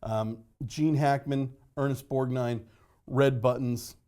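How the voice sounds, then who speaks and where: A man hosts a local movie review show, chatting casually and rambling with plenty of fillers and jokes. His voice is medium-pitched, steady, slow and warm.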